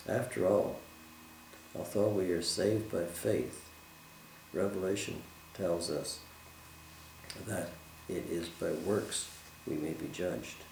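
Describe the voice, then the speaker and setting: Deep gravelly male Bible teacher. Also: darkish tone, echoey room, slight background noise, low-quality recording. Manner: earnest, measured teaching with scripture quotes. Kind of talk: Bible study lesson.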